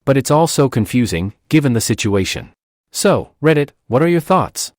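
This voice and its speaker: A man's voice: medium pitch, sing-song, moderate pace, a little mellow, no room sound, clean studio sound. A man giving a scripted narration of an online post, reading it expressively. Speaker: story narrator.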